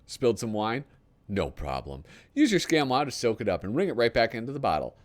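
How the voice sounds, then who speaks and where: A man reading a parody ad aloud in the voice of a brash, fast-talking male TV pitchman with pushy hard-sell patter. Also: sing-song, lightly acted.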